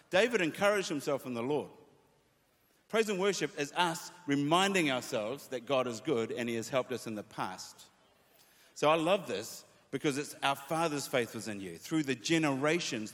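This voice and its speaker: Animated preacher in a reverberant hall. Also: male voice, medium pitch. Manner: animated preaching, reads scripture aloud with feeling. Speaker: pastor. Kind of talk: sermon to worship leaders.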